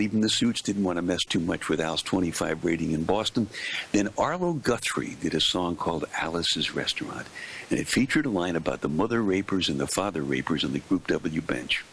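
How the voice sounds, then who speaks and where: An older man, a veteran radio DJ, telling stories in an interview with punchy, dramatic pauses. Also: deep voice, gravelly, a bit bright, slight background noise. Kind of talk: anecdotal storytelling in an interview.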